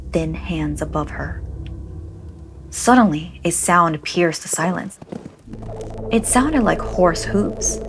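A woman host narrating a scripted scary story in a hushed, dramatic manner. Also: on the low side. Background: faint music.

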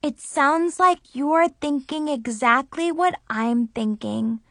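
A woman's voice: sits high, slow pace, fairly bright tone, dry recording, studio quality, full character voice. Woman reading as Chloe, a grim teen girl. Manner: grim, earnest warnings. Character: teen girl best friend Chloe, dramatic.

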